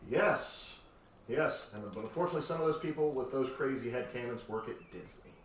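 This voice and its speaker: A man's voice: medium pitch, a little fast, slight background noise. A man joking wryly in casual chat over a gaming stream. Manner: joking, wry. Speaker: guest on voice chat. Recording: echoey and distant with loud music behind.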